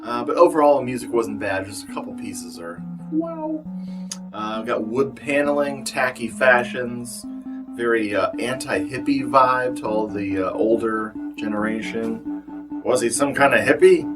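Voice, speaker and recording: This man reviews movies in a casual vlog, sounding tired and a bit bloated as he rambles with lots of fillers in a wry, self-deprecating way. His medium-pitched voice has lively intonation and a slightly slow pace, sitting a little far from the mic with music in the background.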